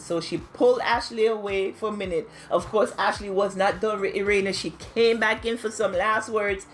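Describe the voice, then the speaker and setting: A woman giving a casual, chatty recap of a reality show, gossiping and acting out quotes in high squealing voices. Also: moderate pace, hardly any pauses, slight background noise. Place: home, New York.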